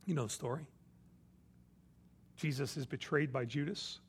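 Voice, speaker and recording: A man preaching a sermon, telling the story with dramatic swings between hushed and loud delivery. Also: mid-range voice, normal speed, slight background noise.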